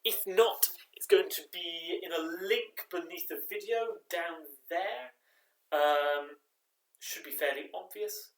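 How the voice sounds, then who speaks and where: Speaking slowly in a fairly high voice, a male choir director holds an online rehearsal from his living room. He chants rhythm syllables, counts in, and urges the singers on.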